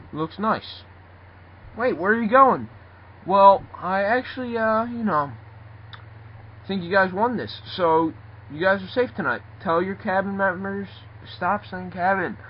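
A man's voice: high-pitched, lively intonation, normal speed, breathy edge, muffled recording, exaggerated voice. A man voicing a pompous male host of a toy reality contest who rambles and stumbles over his words. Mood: pleased.

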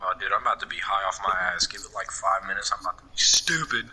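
A man loudly joking and trash-talking with friends over voice chat during a racing game. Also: low voice, fast. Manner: loud, excitable, trash talk. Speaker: gamer friend. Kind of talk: casual gaming chat with friends. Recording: noisy voice chat with clicks.

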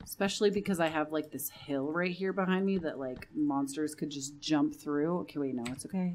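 A woman's voice: sits low, normal speed, hardly any pauses, darkish tone, a little hiss or hum. A young woman giving casual commentary while playing a building game, chatty and nervous, often repeating reassurances to herself under her breath. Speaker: Minecraft let's play creator.

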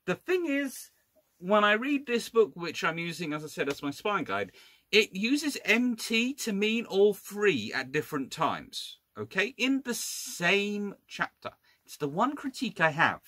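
Lively wry man giving a naval lecture. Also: sits high, measured pace, dry recording. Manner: animated, wry and exasperated asides; restarts and self-corrections. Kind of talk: informal illustrated lecture.

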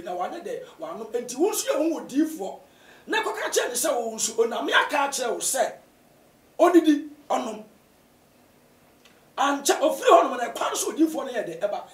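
A man with a Ghanaian accent, a pastor answering interview questions in a preaching style, often rising to shouts for emphasis. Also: very high-pitched, normal speed. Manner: animated, bursts into shouts to stress points. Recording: roomy echo, distant from mic.

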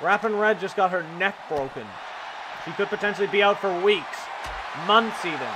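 A young man giving excited, profane play-by-play commentary on a wrestling video game, shouting at the big moves. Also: high voice, normal speed. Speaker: gaming commentator. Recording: loud game crowd noise behind. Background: video game crowd and noise.

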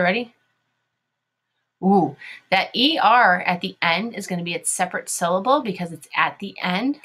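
A woman's voice: fairly low pitch, bright, forceful tone, husky. A woman teaching a phonics video lesson, sounding out letters and syllables one by one and asking her young learners encouraging questions.

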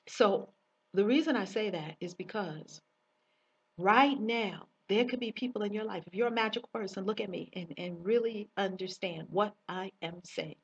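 A woman with a husky, slightly breathy voice gives a personal spiritual monologue to camera, circling back on her phrases for emphasis. She sits back from the mic, and the sound is dull and muffled. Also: mid-range voice. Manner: repetitive, emphatic storytelling. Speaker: spiritual teacher. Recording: dull distant recording.

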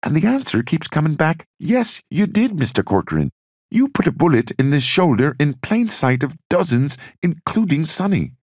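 A man's voice: on the high side, sing-song, normal speed, a little mellow, no room sound, clean studio sound, pitched above the performer's own voice. Male reader voices a panicked man pleading his case; push it up and tight, keep the husk. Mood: anguished. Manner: agitated, pleading. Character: anxious Irish-American man in trouble.

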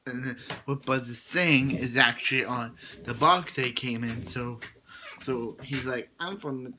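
A man casually retelling a movie plot as a reviewer, rambling with many restarts and quick quoted lines. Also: medium pitch, background noise.

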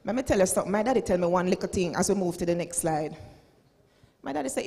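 A woman's voice: on the low side, expressive, fast talker, dark tone, husky, big-room sound. A Jamaican woman in her forties, a school principal giving a dramatic, preachy motivational speech and slipping into Patois. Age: 40s. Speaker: school principal and keynote speaker.

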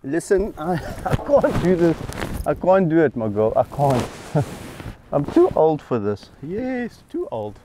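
Out in the bush, a middle-aged wildlife sanctuary keeper chats casually to animals on a handheld camera, coaxing and teasing them with fondness and laughter. His voice sits on the high side and is sing-song and slow, with background noise behind it.

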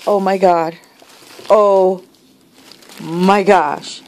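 A woman's voice: fairly low pitch, slow pace, vocal fry, a little mellow, slight background noise. A woman opening happy mail in a casual vlog, emotional and tearful, gushing and rambling with many restarts.

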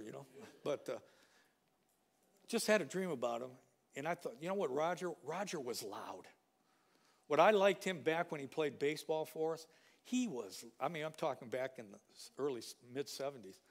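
A man's voice: on the high side, lively intonation, normal speed, long pauses. A middle-aged man preaching a sermon as pastor, mixing conversational asides with rising fervor.

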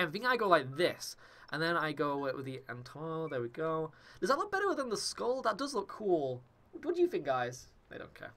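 High, bright, gushing gaming host man. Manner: gushing, excitable, laughs often. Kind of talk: excited let's-play commentary.

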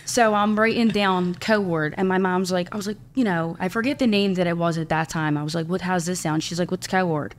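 A woman's voice: lowish voice, fairly even intonation, fast, hardly any pauses. A young woman from Philadelphia, a small business owner chatting as a podcast guest, telling her story with lots of quoted asides. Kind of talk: casual interview chat.

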